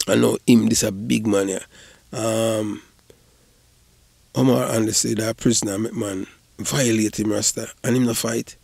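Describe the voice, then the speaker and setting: A Jamaican man rambles through casual patois commentary in a low, gravelly voice. He keeps circling back with "you know" and "you understand". The sound is dry and close. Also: steady tone, measured pace, a little mellow, no echo. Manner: rambling, repeats "you know", bursts into laughter. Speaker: online commentator.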